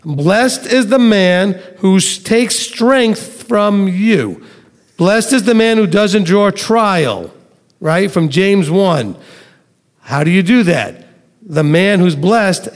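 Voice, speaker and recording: A man preaching a sermon, teaching conversationally, reading scripture aloud slowly, and asking his listeners questions. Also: high voice, long reverb tail.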